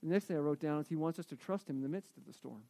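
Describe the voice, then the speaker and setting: A man preaching a sermon, asking the congregation questions and swinging between emphatic declarations and quiet reflection. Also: fairly high pitch, very fast, gravelly.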